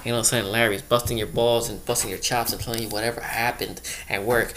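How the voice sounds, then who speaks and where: A man's voice: mid-range voice, little pitch movement, fast talker, few pauses, a bit bright, a little hiss or hum. A man doing a rambling comedic monologue, full of loose asides and repeated "you know".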